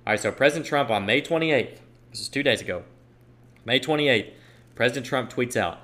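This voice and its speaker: A man's voice: medium pitch, expressive, fairly quick, pushed and bright. Emphatic man giving political commentary. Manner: emphatic, repeats phrases for stress. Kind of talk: opinion monologue reading tweets aloud.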